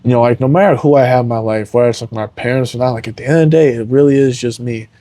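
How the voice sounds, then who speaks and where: A young adult MMA fighter, a guest on a podcast, talks very fast in a medium-pitched, dark-toned voice with no room sound. His candid, emotional interview talk is earnest and rambling, loaded with "like" and "man."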